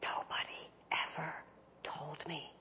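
A condemned man, tearful and subdued, speaking low and quietly , as a woman puts him on while preaching. Heavy with remorse. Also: slow pace, whispered. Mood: remorseful.

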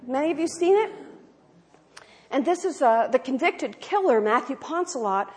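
A woman minister giving a sermon, telling stories and swinging from loud exclamations to hushed tones. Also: a little high.

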